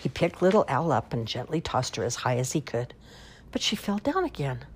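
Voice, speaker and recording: Storybook reader, woman, low and husky, expressive. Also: brisk. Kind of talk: reading children's stories aloud.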